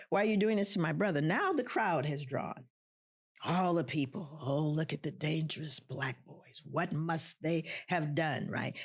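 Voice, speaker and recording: A middle-aged woman with a husky, fairly low voice tells a personal story with deep feeling. Her pitch swings widely as she acts out other people's voices and repeats key lines for emphasis. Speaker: professor of social work, guest. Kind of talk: emotional storytelling.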